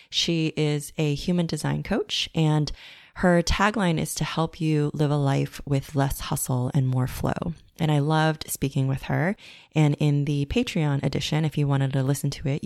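A woman podcast host reading a personal essay in a calm, reflective way. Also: sits low, vocal fry, no room sound, studio quality.

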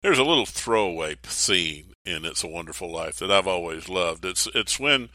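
Male pastor, sermon preview, bright forceful tone, dry close mic, animated storyteller. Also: low voice, moderate pace, no room sound. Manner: animated storytelling, acts out quoted voices.

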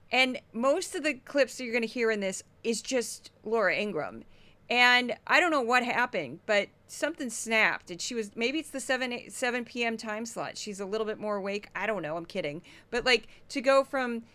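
Bright-voiced woman podcast host, animated. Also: a little high, normal speed, dry recording. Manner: animated, laughing, sometimes yelling. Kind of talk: casual commentary.

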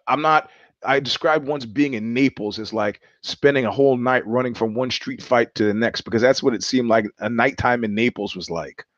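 A man's voice: medium pitch, a bit bright, no room sound. A man hosting his own live-stream show, talking in a wry, rambling way and laughing often. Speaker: host. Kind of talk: solo live-stream monologue. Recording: slightly dull live-stream audio.

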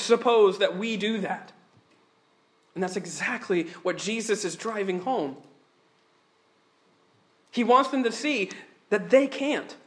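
High-voiced earnest male preacher. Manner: animated, earnest preaching with frequent word repeats. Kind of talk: sermon.

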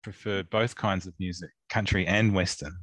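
A man's voice: deep voice, steady tone, moderate pace, fairly bright tone, no echo. A man co-judging photos on a podcast, chatting casually with dry, wry humour. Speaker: co-judge. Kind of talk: casual chat.

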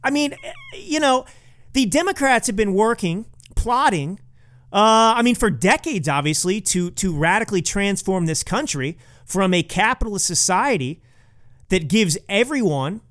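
A man's voice: high-pitched, lively intonation, moderate pace, fairly bright tone. A man hosting a political commentary podcast, talking in a sarcastic, mocking way. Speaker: podcast host.

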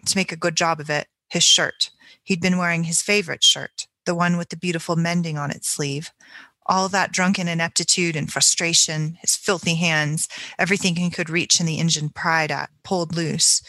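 A woman's voice: lowish voice, sharp tone, no echo. A woman reading a passage from a novel aloud in a book discussion, earnest and thoughtful. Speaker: book club member.

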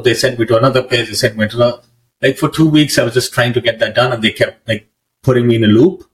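A man's voice: medium pitch, fast talker, far from the mic, poor audio. A man from Pakistan in his thirties, a podcast guest chatting casually, with lots of "like" and restarts. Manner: rambling, full of "like" and restarts, laughs often. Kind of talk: casual conversational storytelling.

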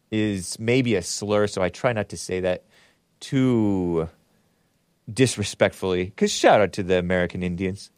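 A man's voice: fairly low pitch, no room sound, studio quality. A man hosting a casual solo talk show, rambling sardonically, laughing at his own jokes and spelling words out letter by letter. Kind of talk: casual solo commentary reading super chats.

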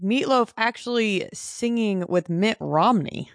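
A woman's voice: mid-range voice, expressive, slow, no room sound, studio quality. A woman guest on a podcast, easygoing, chiming in briefly and laughing along. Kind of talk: casual conversation.

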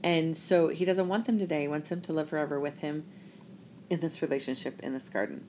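A woman's voice: low-pitched, steady tone, brisk, a little mellow, a little hiss or hum. A woman sharing a weekly Torah reflection in a casual, chatty way, drawing on her experience as a parent. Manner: reflective, chatty, with laughs and restarts. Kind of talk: casual talk.

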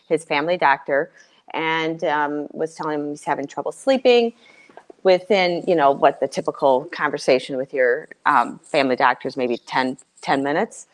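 A middle-aged woman telling her personal story as a guest, earnest and halting, with many fillers and restarts. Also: deep voice.

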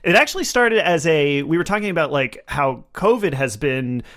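A man, a comedy writer guest on a podcast, chatting casually and acting out quotes in shrill mocking voices. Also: normal speed. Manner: animated, acts out quotes in high mocking voices.

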